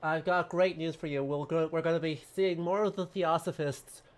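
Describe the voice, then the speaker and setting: A man's voice: a little high, fairly even intonation, moderate pace. A man casually chatting and reading dialogue while streaming a story game. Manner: chatty, self-deprecating, rambling. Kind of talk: casual let's-play chat.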